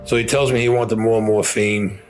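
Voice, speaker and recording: An older man, a veteran, recounting war memories in a blunt, profane, plainspoken way with a husky voice. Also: on the low side, little pitch movement, normal speed, soft background music. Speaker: veteran interviewee.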